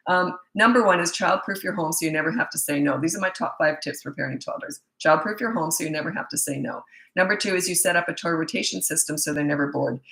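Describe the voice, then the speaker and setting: A woman's voice: on the low side, vocal fry, bright, forceful tone. Blunt middle-aged woman, parenting coach. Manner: blunt, opinionated, emphatic. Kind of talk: live Q&A answering viewer questions. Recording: echoey room.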